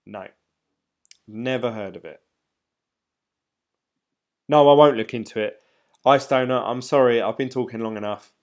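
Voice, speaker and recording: A man's voice: mid-range voice, unhurried, long pauses. A middle-aged man from England, chatting casually to viewers on a live stream, rambling and laughing between ums.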